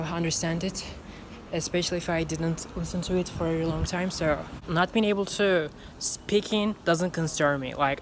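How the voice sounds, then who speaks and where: A woman's voice: deep voice, slight background noise. A woman talking casually in a vlog as an English learner, leaning on fillers and restarts and repeating lines aloud to practice.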